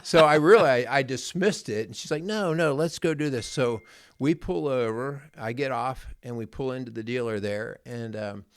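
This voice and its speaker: A middle-aged man who coaches marriages and co-hosts a podcast chats casually, telling a story from his own life. His voice is mid-range at a moderate pace with no room sound, and he comes across as earnest and rambling, often repeating words.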